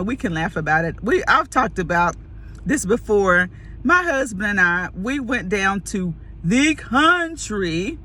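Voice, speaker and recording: A woman telling a casual story to camera, lively and laughing, acting out the people in it. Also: medium pitch. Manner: animated, acts out quoted voices, laughs often.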